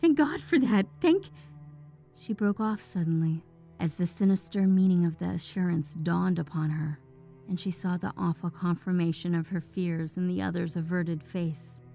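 Mellow woman narrating a dark tale. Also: lowish voice, little pitch movement, normal speed, creaky, faint music behind. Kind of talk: scripted storybook narration.

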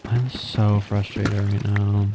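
A young man commentating his own video game play, excitable, gasping and squealing at the animals he finds. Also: on the low side, slow, very noisy. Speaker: gaming channel host. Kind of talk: gameplay commentary.

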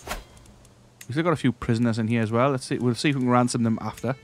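A man's voice: medium pitch, steady tone, quick pace. A man hosting a let's-play, casually thinking aloud as he plays a strategy game, often trailing off and restarting. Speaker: gaming channel host.

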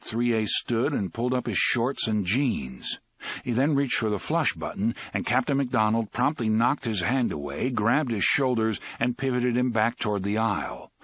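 Male narrator, husky voice, animated intonation, dry close sound, dramatic reading. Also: lowish voice, no echo. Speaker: audiobook narrator. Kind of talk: audiobook narration.

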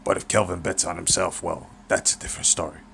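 A man voicing an older male boxing trainer who is gruff, blunt and teasing. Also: low-pitched, fairly even intonation, fast talker, fairly bright tone, slight background noise, full character voice.

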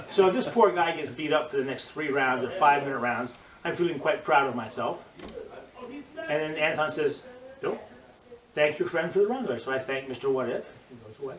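An older man, a judo instructor, telling animated stories in an interview and acting out the voices of the people in them. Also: medium pitch, normal speed, long pauses. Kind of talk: storytelling interview. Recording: roomy, distant mic, crowd murmur.

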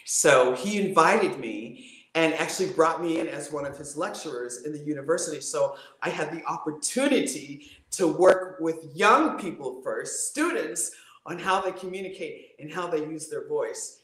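Animated woman in an echoey room. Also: low-pitched, normal speed. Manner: animated, playful, demonstrates with her voice. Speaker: voice coach guest. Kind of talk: live-streamed interview.

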